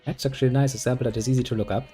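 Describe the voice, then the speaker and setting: A man's voice: mid-range voice, fairly even intonation, racing, dark tone, faint music behind. A German man chatting casually while gaming, dry and sarcastic. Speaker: gaming co-host.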